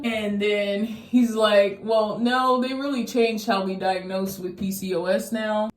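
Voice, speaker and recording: A woman in her twenties telling a casual storytime vlog, candid and profane, jumping into high-pitched voices when she quotes people. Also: steady tone, measured pace, hardly any pauses, distant mic. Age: 20s. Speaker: vlogger. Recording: echoey room, voice off from the mic.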